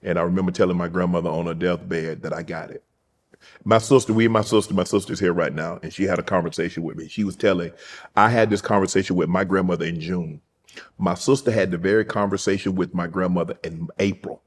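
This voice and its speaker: A man hosting an interview, telling a heartfelt personal story slowly and quietly. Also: sits low, steady tone. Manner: slow, heartfelt storytelling, dropping soft at emotional points. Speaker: host. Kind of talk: casual interview talk.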